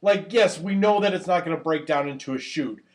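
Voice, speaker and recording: A man co-hosting a casual podcast, animated and profane, who has the hiccups. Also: a little high, fairly quick. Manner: animated, swears freely, gets loud when worked up. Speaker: podcast co-host.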